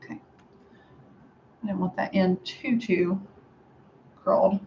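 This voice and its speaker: A woman chats her way through styling her hair, sarcastic and laughing often. Her voice sits at a middling pitch. The home recording sounds slightly dull, with a faint hum of room ambience behind her. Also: steady tone, slow pace, mellow. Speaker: beauty vlogger. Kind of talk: casual hair tutorial chat.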